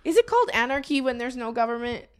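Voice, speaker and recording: A woman's voice: fairly high pitch, sing-song, fast, smooth. A woman comedian co-hosting a podcast, chatting bluntly and laughing often as she tells stories. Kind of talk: casual comedic chat.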